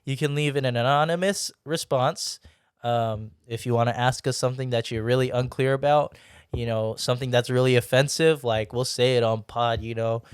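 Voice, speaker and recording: Young man hosting, smooth and dry. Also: mid-range voice, steady tone, moderate pace, no room sound. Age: young adult. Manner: chatty, rambling, laughs often. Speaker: podcast host. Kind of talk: casual group chat.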